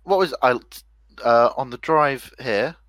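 A man's voice: mid-range voice, measured pace, a bit bright, no room sound. A man hosting a casual podcast chat, hesitant and often laughing. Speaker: podcast host.

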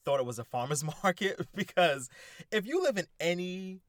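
A young man hosting a casual solo podcast, talking in an excitable, animated way with plenty of profanity. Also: high-pitched, normal speed, no room sound, studio quality. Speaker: podcast host. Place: indoors, sitting in a squeaky chair.

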